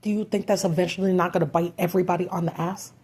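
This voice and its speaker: A woman talks straight to her followers in an angry, urgent rant, firing off rhetorical questions and the odd curse. Her voice sits a little low and husky, with a mellow, dark tone. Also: steady tone, very fast. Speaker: vlogger. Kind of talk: impassioned political rant.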